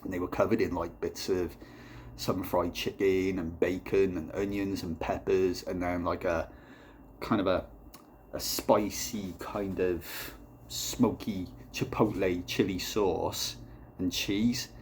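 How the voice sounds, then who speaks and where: A man with a low voice reviews beer in a casual vlog and drifts into profane, deadpan tangents. His telling rambles loosely as it goes. There is a faint hiss of noise behind him. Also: slow pace.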